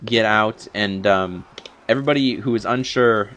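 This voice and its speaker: A young man recaps a TV episode in a long, unscripted, rambling review packed with fillers and restarts, sounding a little winded from talking so long. His voice is lowish and fairly bright, at a moderate pace, with a faint hiss or hum on the recording.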